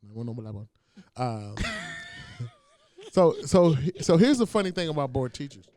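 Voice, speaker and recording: Male comedian guest, slightly high voice with an animated lilt, casual and reflective. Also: a little slow. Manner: expressive, reflective, lots of "like" and restarts. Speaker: comedian and teacher, podcast guest. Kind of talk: casual interview chat.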